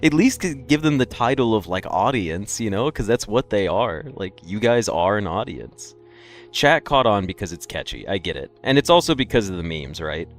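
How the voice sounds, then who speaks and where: A man's voice: fairly low pitch, lively intonation, moderate pace, faint music behind. A tired young man streaming a game, chatting loosely with his viewers and yawning, rambling with many fillers. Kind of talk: casual live-stream chat with viewers.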